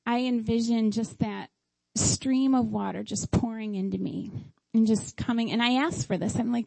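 A woman's voice: a little high, normal speed, gravelly, hardly any pauses, darkish tone, no echo, rough recording. A middle-aged woman giving a heartfelt sermon at a church service. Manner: heartfelt, tearful at times.

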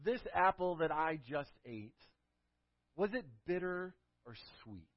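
A man's voice: fairly high pitch, very animated, takes it slowly, no room sound, pitched above the performer's own voice, heavily acted. A man voicing an elderly white-haired preacher who asks simple, pointed questions in a plain, homespun way, on a dull lo-fi recording.

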